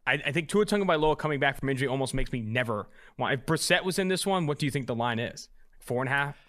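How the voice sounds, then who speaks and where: A man's voice: medium pitch, lively intonation, fast talker, a bit bright. A young man hosting a sports podcast, reading out stats and tossing questions to his co-host in a joking, casual way. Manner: reads stats then tosses questions, jokey.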